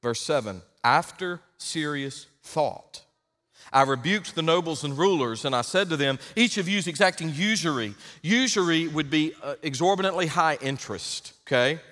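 A male pastor delivering an emphatic sermon, rising to loud exhortation. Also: a little high, expressive, moderate pace, in a large hall.

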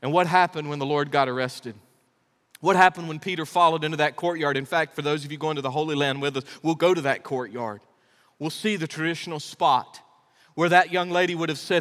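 Emphatic preacher in an echoing hall. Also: male voice, a little high, a little fast. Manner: emphatic, rhetorical questions, shifts loud and soft. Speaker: pastor. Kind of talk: sermon. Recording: long echo of a big hall.

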